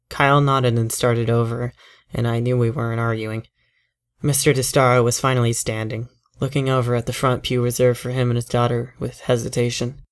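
A man narrating a horror story aloud, measured and tense as he tells it in first person. His voice sits at a middle pitch, steady and unhurried. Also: clean tone.

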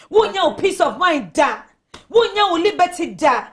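A woman's voice: extremely high pitch, big pitch swings, normal speed. A Ghanaian woman hosting a call-in radio advice show, lecturing callers in a motherly way. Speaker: radio talk show host.

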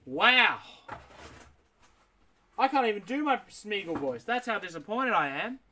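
Bright-voiced man opening cards. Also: high-pitched, sing-song, a little slow. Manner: rattles off names, reacts aloud, chats with viewers. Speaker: card break streamer. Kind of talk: live card-opening stream.

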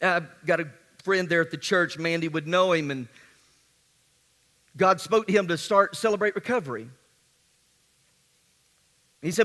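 A man preaching a sermon as pastor, swinging between hushed and emphatic delivery in a church sanctuary. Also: high-pitched, unhurried, long pauses. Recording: long hall reverb.

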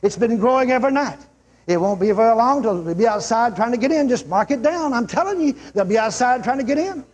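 An older preacher delivers a revival sermon to a large church crowd, his voice pitched very high and husky. He swings his pitch all over, breaking into shouts as he acts out the stories he tells. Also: lively intonation, fast talker. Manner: emphatic, shouts out quotes, acts out a healed man's yells.

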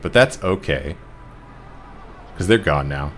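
A man with a very low voice talks his way through a strategy game, half to himself, dry and self-mocking. Faint game music and clacking keys sit under his voice at a home desk setup. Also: expressive, takes it slowly, fairly bright tone. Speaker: gameplay commentator. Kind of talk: casual let's-play commentary.

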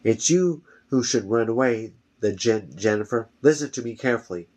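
A man's voice: medium pitch, lively intonation, normal speed, darkish tone, natural voice. A man voicing a tough monster hunter in a home story reading, urgent and pleading.

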